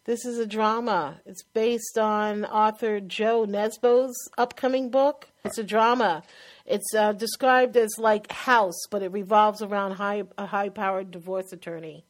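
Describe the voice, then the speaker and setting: A woman with a New York accent co-hosting a casual chat about TV shows, chatty and quick to laugh. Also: medium pitch, fairly even intonation. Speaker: podcast co-host.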